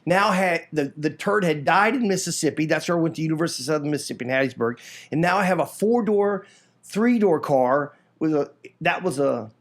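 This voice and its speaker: A middle-aged man from Florida telling his life story in a casual interview, animated, acting out other people's lines and often restarting his sentences. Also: fairly high pitch, fairly quick. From Florida, United States. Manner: frequent restarts and repeated words.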